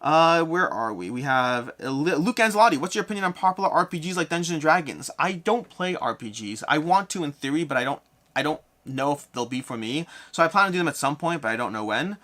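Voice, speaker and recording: A man's voice: a little high, lively intonation, fast talker. A young man hosting a live Q&A stream, reading viewer questions aloud and answering in a rambling, self-correcting way. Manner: rambling, self-correcting, reads names loudly. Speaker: board game channel host.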